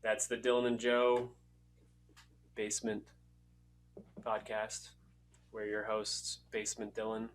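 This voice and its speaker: Laid-back low-voiced podcast co-host man. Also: little pitch movement, takes it slowly, pauses often, slight background noise. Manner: rambling, laid-back, swears and laughs. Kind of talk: casual podcast chat.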